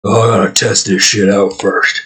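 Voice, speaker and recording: Man doing a whimpering, coked-up bear, giddy cries jumping up high. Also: level tone, a little slow, a bit bright. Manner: whimpering, strained exclamations.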